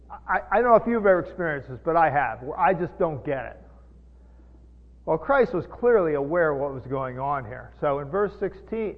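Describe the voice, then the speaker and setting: A male pastor teaches a sermon in a folksy, conversational way, stopping to explain old Greek words and ask his listeners questions. His voice sits a little high, with a gravelly edge. It comes through a tinny, phone-like line with a long hall echo behind it.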